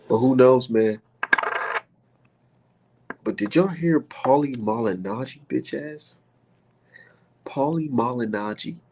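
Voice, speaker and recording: Gravelly, heated man ranting about boxing. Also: lowish voice. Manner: heated, animated, swears constantly. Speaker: boxing vlogger. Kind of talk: casual profane rant. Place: indoors, maybe art studio.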